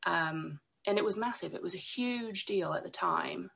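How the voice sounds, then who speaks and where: A woman speaking as a podcast guest, her voice croaky from a cold and rough with fry. She sits a little low in pitch and sounds husky. She talks in a hesitant way, full of ums and restarts. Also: normal speed, a bit bright. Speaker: podcast guest, illustrator and designer. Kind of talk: casual interview talk.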